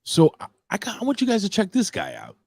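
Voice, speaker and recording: A man's voice: sits high, huge pitch swings, fast, gravelly, darkish tone, no echo, studio quality. A man, co-hosting a casual podcast and telling a rambling, profane story. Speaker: co-host.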